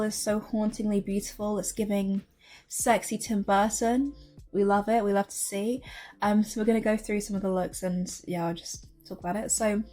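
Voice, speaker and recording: A woman's voice: mid-range voice, warm tone. A young woman vlogger chatting casually and gushing over runway looks, full of fillers. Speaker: fashion vlogger.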